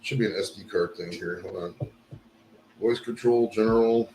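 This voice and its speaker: A man's voice: fairly low pitch, moderate pace, warm tone, a little hiss or hum. A man hosting a casual live stream, swearing and rambling while fixing his camera gear. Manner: profane, rambling, fixes gear on air. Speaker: live show host. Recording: roomy echo.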